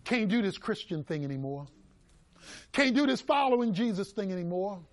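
A man's voice: high voice, big pitch swings, moderate pace. A male pastor acting out a despairing, guilt-stricken fisherman apostle in a sermon, broken and pleading. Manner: broken, pleading, dropping to a murmur.

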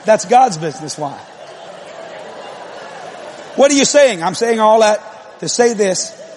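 A male preacher with a strikingly high voice that leaps up and down as he tells a funny story from the pulpit. His manner is blunt and folksy, and he breaks into laughter and acts out voices and noises. A faint hiss sits under his voice. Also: measured pace. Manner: animated, laughing, mimics voices and sounds. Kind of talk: humorous sermon storytelling.

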